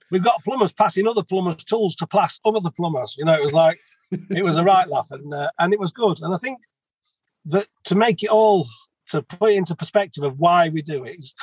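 A man's voice: high-pitched, brisk, husky, no echo, low-quality recording. A man, a plumber telling rambling stories with laughs as an interview guest. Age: 50s. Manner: chatty, rambling anecdotes with laughs. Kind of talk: casual storytelling.

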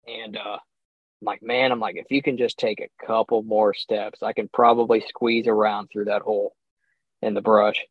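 A young man, a podcast guest, telling a hunting story in a casual, animated way, acting out his own reactions and chuckling often. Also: on the low side, moderate pace, no echo. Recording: slightly dull, dry sound.

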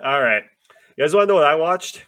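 A man hosting a casual podcast, his voice bright and forward, recorded close and dry. He rambles through stories and swears freely, laughing often. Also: on the high side, animated, a little fast, no room sound. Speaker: podcast host. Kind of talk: casual chat.

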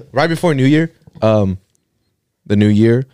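A man telling a story from work in casual podcast chat, animated and profane, often laughing. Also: medium pitch, slow, smooth, no room sound. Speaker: podcast co-host.

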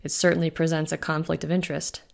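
A woman voicing an older male werewolf alpha with a gruff, stern manner. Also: sits low, level tone, fast. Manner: suspicious, stern.

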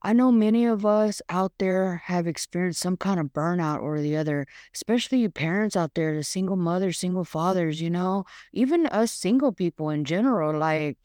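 A woman's voice: on the low side, moderate pace, few pauses, dark tone, no echo, studio quality. A woman hosting a podcast, talking frankly and casually through a devotional monologue with plenty of fillers. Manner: frank, chatty, swears casually, many fillers. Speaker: podcast host.

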